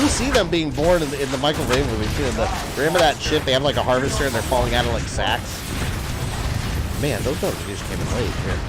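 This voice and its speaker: A man talks through his game live, chatting with his viewers and cursing at the enemies. His pitch jumps around a lot as he talks. Loud game music and gunfire play behind him. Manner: animated, swears at enemies, chats with viewers. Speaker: game streamer. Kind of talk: casual live-stream commentary.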